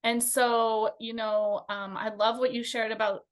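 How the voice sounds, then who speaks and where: A woman co-hosting a conversational panel, talking in an animated, chatty way with fillers and light giggles. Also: a little high, measured pace.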